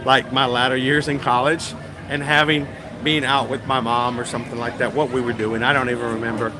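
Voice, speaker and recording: A man's voice: medium pitch, pushed and bright. A man hosting a casual livestream outdoors at a theme park, telling a rambling story with fillers and laughs. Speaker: livestream host.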